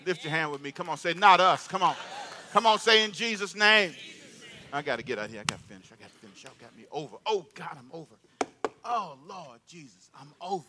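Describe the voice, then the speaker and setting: A man's voice: a little high, animated, fast talker, background noise. A man preaching a sermon as pastor in a church, calling out to the congregation for responses. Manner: call-and-response preaching, loud and emphatic. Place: church sanctuary.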